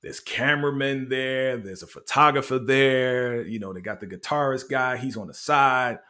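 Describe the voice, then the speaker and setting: A man's voice: medium pitch, moderate pace, bright, forceful tone. A man hosting a casual show recap, telling it like a story in slangy talk and laughing often. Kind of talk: casual review chat.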